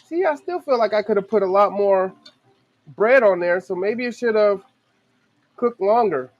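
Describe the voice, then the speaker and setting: A man chats casually as he cooks in his home kitchen, his voice sitting a little on the high side. He tells stories in a relaxed, slangy way and talks straight to his viewers. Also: moderate pace, highs cut off. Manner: relaxed, chatty storytelling with slang. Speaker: home cooking show host. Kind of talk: casual cooking vlog with stories.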